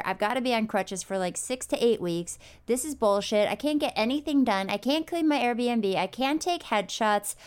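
A woman's voice: fairly high pitch, smooth. A woman hosting a podcast in casual chat, candid and laughing often, talking freely with swear words. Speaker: podcast host. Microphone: desk mic.

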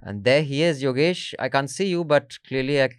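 A chatty man leads a casual studio chat. His voice sits at an everyday middle pitch and comes through dry and close on the mic. He teases his co-hosts and wanders through thoughts with fillers. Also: moderate pace, clean tone, dry recording. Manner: chatty, teasing, rambling with fillers. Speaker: podcast host.

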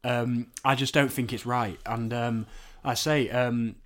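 Halting man in casual podcast chat. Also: medium pitch, fairly even intonation. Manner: halting, many restarts and fillers. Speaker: podcast co-host.

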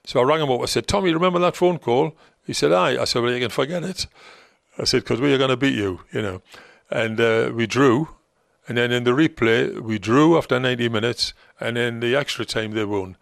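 An older man with a gravelly, fry-laden voice reminisces in a rambling, anecdotal way. He acts out the lines of people from his stories as he goes. The sound is dry and close. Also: mid-range voice, brisk, no echo. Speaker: former football manager, guest. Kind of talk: anecdotal storytelling in conversation.

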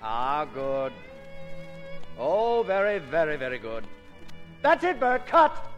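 An actor playing a pompous, fussy film director with an affected, theatrical drawl, in 1940s radio acting. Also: male voice, a little high, wildly swooping pitch, slow pace, a bit bright, dull audio, soft background music, heavily acted. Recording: old radio broadcast, hall reverb.

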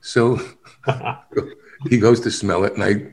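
Speaking slowly in a lowish voice, a man who acts recounts anecdotes during a relaxed interview. He's lively, laughs a lot, and performs the lines of the people in his stories.

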